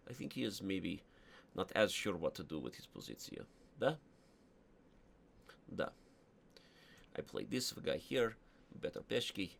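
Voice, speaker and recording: A man's voice: low-pitched, creaky, fairly bright tone, exaggerated voice. A man putting on a musing Russian chess master. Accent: Russian (put on). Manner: broken English, slow musing over moves. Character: self-assured Russian chess master, middle-aged man.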